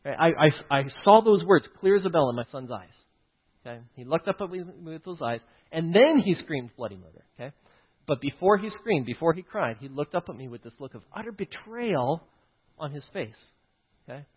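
A man's voice: a little high, lively intonation, fairly quick, breathy edge. A man teaching through a personal story, often stopping to check in with "right?" and "okay?". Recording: tinny phone-like line.

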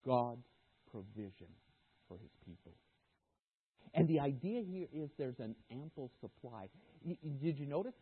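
A man preaching a sermon as guest speaker, animated, sometimes voicing the disciples' objections. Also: mid-range voice, moderate pace, pauses often, husky. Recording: tinny phone-like sermon recording.

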